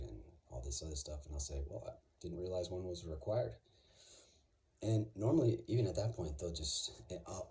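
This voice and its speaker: Very deep-voiced man, rambling and confident. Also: dark tone, a little hiss or hum. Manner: rambling, confident, full of fillers and restarts. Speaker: vlogger. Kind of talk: casual monologue.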